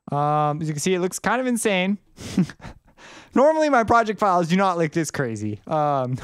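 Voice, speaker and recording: A man producer talks through his tutorial in a loose, rambling way, stopping to correct himself. His voice is smooth and a bit high for a man. It sounds close and dry, with no room echo. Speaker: music producer teaching track production. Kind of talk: casual tutorial talk.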